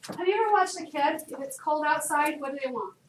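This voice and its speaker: In an echoey, noisy room with a far-off mic, a woman chemistry teacher keeps her lecture chatty and lively, firing questions at students. She has a high-pitched voice and talks a little fast.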